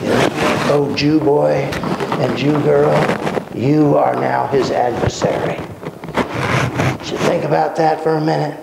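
Man, Bible teacher, lively storytelling, roomy hall, noisy background. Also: on the high side, a little slow, gravelly. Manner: animated storytelling, acting out dialogue in voices. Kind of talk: Bible study lecture. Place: church hall. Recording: echoey room with background noise.

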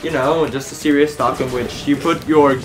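A young man with a slightly high voice chats loosely while playing a fighting game. He jokes, trails off and hums song lines. Loud game music plays behind him. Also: steady tone, moderate pace. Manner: joking, sings snatches of songs. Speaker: gameplay commentator. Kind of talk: casual gameplay chat.

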